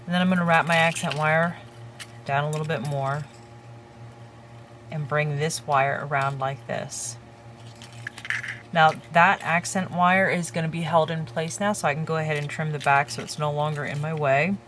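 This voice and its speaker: Woman, low voice, craft tutorial host, calm, step-by-step, faint background hum. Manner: calm, unhurried, talks while working with her hands.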